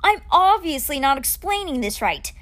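A woman reading a storybook aloud, voicing a worried, blunt teenage boy who speaks loudly and insistently. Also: sits high, sing-song, normal speed, pitched above the performer's own voice. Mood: agitated.

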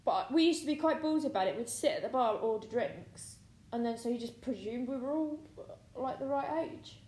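A woman's voice: fairly high pitch, lively intonation, normal speed, darkish tone. A young British woman in casual chat, chatty and easily amused. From Britain. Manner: chatty, easily amused, reacts with short remarks. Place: living room. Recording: echoey room with faint background noise.

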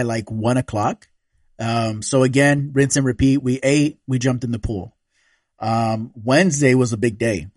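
A man telling a story in a loose, casual chat. He swears freely and laughs often, with a mid-range voice. The sound is dry and close, with no room echo. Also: mid-range voice. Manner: relaxed, profane, laughs often.

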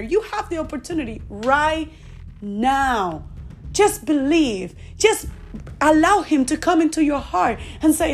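A woman's voice: high voice, expressive, a little slow. A woman preaching a recorded sermon, earnest, asking rhetorical questions and then leading listeners in prayer. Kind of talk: recorded sermon with altar call.

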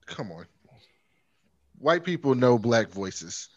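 A man's voice: medium pitch, sing-song, takes it slowly, no echo. Blunt man on a dull, dry mic. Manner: blunt, argumentative. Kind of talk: casual argumentative chat.

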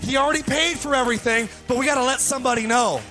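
A man preaching a fired-up sermon to his church, swinging from hushed passages to shouted ones. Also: extremely high pitch, quick pace, soft background music. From United States. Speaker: pastor.

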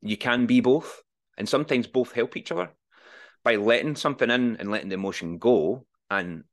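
A man's voice: mid-range voice, normal speed. A man in his forties speaking as a podcast guest, earnest and reflective, swearing freely in candid conversation. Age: 40s.

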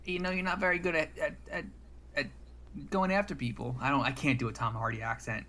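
A man's voice: fairly high pitch, fairly even intonation, a little fast, bright, forceful tone, a little hiss or hum. A man co-hosting a casual podcast about movies, talking in a rambling, sardonic way and often restarting his sentences. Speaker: podcast co-host.

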